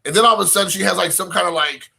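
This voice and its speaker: A young man tells a long personal anecdote in a loose, rambling way, dropping "like" into nearly every sentence and quoting himself and others. His voice is a touch high, very bright and sharp, with vocal fry, and he talks very fast.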